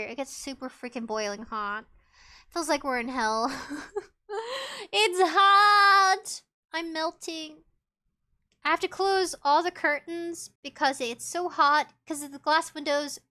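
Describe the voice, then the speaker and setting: A young woman VTuber from the Southern US, chatting casually and rambling on her live stream. Her voice sits high and sounds bright. She reads her viewers' messages aloud as she talks. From Southern United States.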